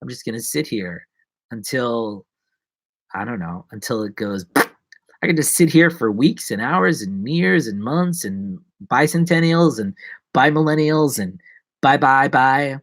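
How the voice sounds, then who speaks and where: A man's voice: medium pitch, lively intonation, measured pace, fairly bright tone, no room sound. Rambling man chatting on a live stream. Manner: rambling, self-mocking, many restarts and asides. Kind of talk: casual live-stream chat.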